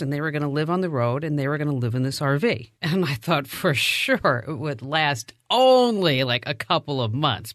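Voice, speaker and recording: A woman hosting a podcast, telling a story in a casual, animated, self-mocking way and interviewing her guests. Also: sits low, dry recording, studio quality. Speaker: podcast host.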